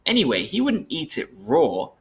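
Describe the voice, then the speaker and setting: A man voicing a chattering young girl who is bold but frightened, speaking high and quick. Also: huge pitch swings. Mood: chatty.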